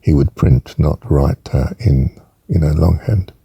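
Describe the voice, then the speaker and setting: Slow, gravelly older man teaching. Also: extremely low pitch, mellow, no echo. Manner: rambling, chuckling asides, drawn-out pronunciations. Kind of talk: informal spelling lesson, musing aloud.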